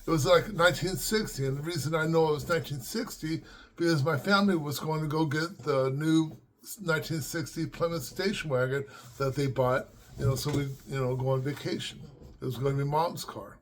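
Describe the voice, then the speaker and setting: An older man from the Los Angeles area vlogs at home with his dogs, reminiscing in a rambling, casual way full of fillers and restarts. His voice is on the high side and fairly quick, with a little hiss or hum in the recording.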